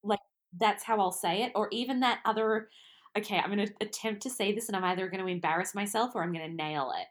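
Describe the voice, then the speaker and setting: This young adult woman talks fast in a mid-range voice with an Australian accent. Co-hosting a podcast, she keeps the chat casual, giggling, putting herself down and tripping over words.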